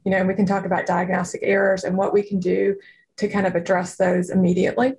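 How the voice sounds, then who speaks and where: A woman's voice: mid-range voice, completely flat delivery, quick pace, darkish tone. A woman with a non-native accent, a radiologist, explaining her work in an interview with an earnest manner and many fillers. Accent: non-native English. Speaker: guest, radiologist and company founder. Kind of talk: interview answers.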